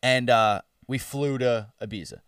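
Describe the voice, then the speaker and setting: A man's voice: mid-range voice, measured pace, smooth, no room sound, studio quality, recorded from a distance. A man in his twenties telling a story in casual chat, swearing and laughing as he goes. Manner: animated, swearing, laughing, acts out screams.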